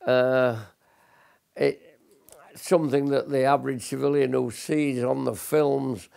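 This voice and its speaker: A man's voice: mid-range voice, level tone, takes it slowly, creaky, a little mellow. An older man, a military veteran, recalling combat in a blunt, earnest documentary interview, often restarting his sentences. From Britain.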